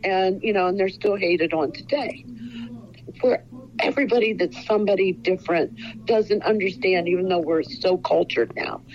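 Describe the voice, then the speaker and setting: A woman's voice: mid-range voice, moderate pace, a little mellow, highs cut off. A woman in her sixties from Ohio, an author talking earnestly in a casual interview, rambling with many fillers. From Ohio, USA. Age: 60s. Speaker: author guest.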